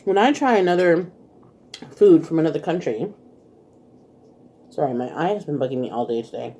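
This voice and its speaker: A woman's voice: low voice, animated, moderate pace, mellow, slightly rough. A woman hosting a casual eating vlog, chatting while she eats and laughing often. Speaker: vlog host. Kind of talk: casual mukbang chat.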